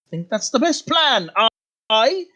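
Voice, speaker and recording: A man voicing a loud, bellowing male war leader who gives commands. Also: very high voice, very animated, measured pace, pitched above the performer's own voice, exaggerated voice. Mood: blustering.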